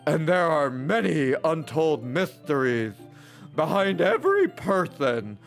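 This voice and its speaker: A shy, thoughtful anime schoolgirl, as a man puts her on, pitched high and swooping through a very wide, singsong range. She speaks slowly and earnestly, with a poetic lilt. Faint music plays underneath. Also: big pitch swings, full character voice. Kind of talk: reading visual novel dialogue aloud.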